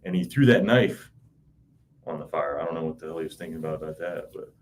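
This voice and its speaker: A man's voice: very deep voice, fast, slight background noise. A man in his thirties in an interview, recounting events in a rambling, profane, casual way with frequent "you know". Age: 30s. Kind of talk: casual spoken recollection.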